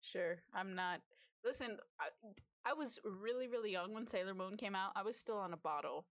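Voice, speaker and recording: A woman's voice: mid-range voice, normal speed, dry recording, clean studio sound. A woman co-hosting a podcast, talking casually in a rambling way, with restarts and casual swearing. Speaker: podcast co-host.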